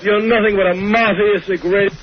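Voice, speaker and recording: A man's voice: high voice, fairly even intonation, brisk, dull audio, a little hiss or hum, natural voice. Man doing a haughty huffy old actress. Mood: indignant diva. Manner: indignant, campy scolding. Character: haughty aging actress, indignant diva woman.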